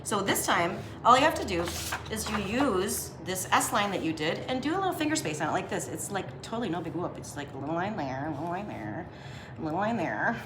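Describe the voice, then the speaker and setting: A woman's voice: lowish voice, sing-song, a little fast, reverberant, background noise. A woman giving a casual drawing lesson as she sketches. She talks in a chatty, slangy way and laughs often. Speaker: drawing teacher.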